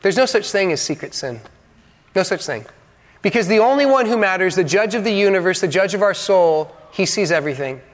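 Pastor guy preaching, fairly high voice, big dramatic pauses, hall echo trailing off. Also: lively intonation. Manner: dynamic preaching, dramatic pauses, acts out quotes; joking asides to the congregation. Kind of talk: sermon. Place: church hall. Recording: long reverb of a large hall.

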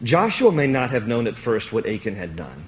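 A male pastor preaching a sermon, animated and joking, with emphatic repetition. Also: mid-range voice, moderate pace.

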